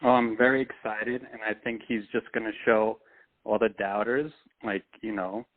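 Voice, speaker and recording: A soft-spoken man calling in to a sports talk show, talking a bit hesitantly. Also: lowish voice, fairly even intonation, moderate pace, dry recording. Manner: soft-spoken, hesitant, calls himself not loud. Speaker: caller. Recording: tinny phone line, dry.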